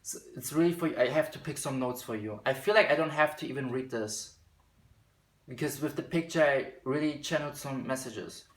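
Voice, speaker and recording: Speaking fairly quickly in a mid-range, fairly bright voice, a male tarot reader talks casually through a spiritual card reading in an echoey room. Now and then his accent turns British, and he lapses into reading the card text aloud.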